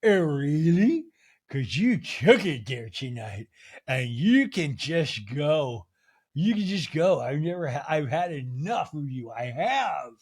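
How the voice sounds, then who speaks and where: A man imitating a tearful, dramatic woman, speaking slowly and in pain. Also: a little high, animated, creaky, husky, heavily acted. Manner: slow, drawn-out, pained delivery.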